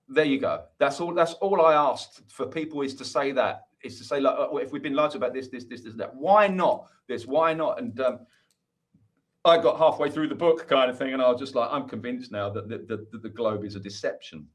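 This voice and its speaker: A man's voice: medium pitch, brisk. Earnest, rambling man as an interview guest. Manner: earnest, rambling, many restarts. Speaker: musician guest. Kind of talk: casual interview chat.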